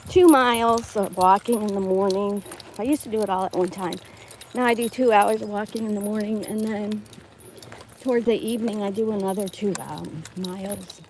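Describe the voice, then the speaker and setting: A woman's voice: mid-range voice, moderate pace, a little mellow, a little hiss or hum. A woman chatting casually as she walks her dogs on a neighborhood street, recording herself on a handheld phone. She rambles, calls to the dogs and laughs often. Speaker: dog-walking vlogger. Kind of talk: casual live walk-and-talk.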